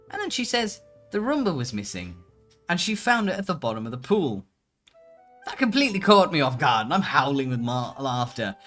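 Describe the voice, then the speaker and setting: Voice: mid-range voice, fairly bright tone. A streamer chatting casually while reading posts aloud, laughing often and swearing casually. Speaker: VTuber streamer.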